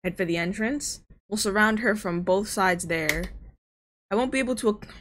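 A woman reading out the lines of a brisk, formal middle-aged male scientist in a game, urgent in manner. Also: medium pitch, a bit bright, slight background noise, close to an everyday voice. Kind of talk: reading game dialogue aloud.

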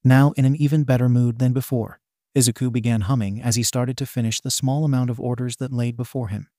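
A man reading a fanfiction story as scripted narration in a steady, even way. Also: medium pitch, brisk, no room sound, studio quality.

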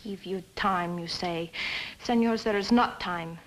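An actress playing a young, imperious wife plotting a conspiracy, in 1950s TV drama style, cold and commanding. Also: female voice, on the low side, measured pace, lightly acted, rough recording.

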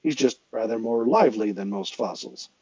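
A man reading aloud and voicing a gentle male teacher with a soft, breathy voice. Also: on the low side, animated, normal speed, no room sound, dull audio, lightly acted. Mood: explaining.

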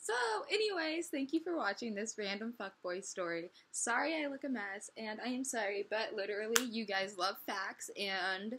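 A woman's voice: mid-range voice, moderate pace, slight background noise. A young woman vlogging to camera, retelling a text argument and playing out both sides with lots of laughter. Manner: animated, laughs often, acts out both sides of a chat. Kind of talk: casual storytelling vlog.

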